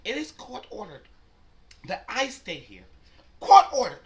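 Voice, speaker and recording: A man voicing a defiant, loud homeless woman who talks in a shrill, high, indignant voice. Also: sing-song, a little slow, heavily acted. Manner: indignant, shouting.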